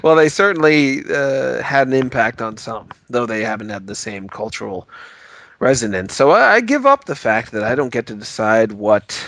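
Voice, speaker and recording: A man's voice: mid-range voice, animated, normal speed, a bit bright, a little hiss or hum. A man co-hosting a comedic podcast, rambling and hesitant, full of ums and restarts. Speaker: podcast co-host.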